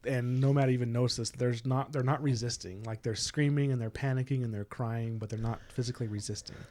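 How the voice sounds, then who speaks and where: A man's voice: mid-range voice, fairly even intonation, a little fast, warm tone. A man co-hosting a podcast, casually discussing a book and eagerly pointing out plot hints, with many fillers. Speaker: podcast co-host.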